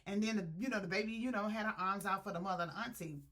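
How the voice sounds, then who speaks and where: Speaking to her viewers as a book reviewer, this woman gives a casual, spoiler-heavy rundown of a story using plenty of slang. She has a bright, forceful, medium-pitched voice and brings the characters to life with quick, lively impressions of their quotes.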